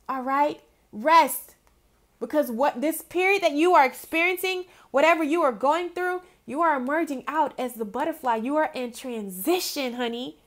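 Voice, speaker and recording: A young woman with a high voice gives a tarot reading in a loose, affectionate way. She talks in a chatty storytelling manner, full of fillers, and calls her listeners "honey". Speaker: tarot reader. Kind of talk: casual spiritual card reading.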